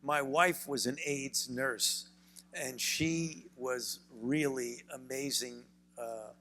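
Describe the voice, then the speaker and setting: An older man with a Brooklyn accent, a physician telling stories in a measured way during an onstage interview. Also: mid-range voice, steady tone, bright, forceful tone, big-room sound, a little hiss or hum. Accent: Brooklyn, New York. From United States. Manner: measured storytelling, frequent repeated words. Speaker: physician and author, interview guest. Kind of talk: onstage conversation. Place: university event hall.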